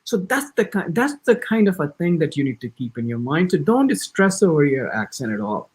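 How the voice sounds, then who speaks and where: An American man, an IELTS instructor, gives an orientation lecture for exam prep in a slightly high voice that rises and falls a great deal. Animated and fast, he speaks in quick bursts, keeps restarting his sentences, and acts out sample answers.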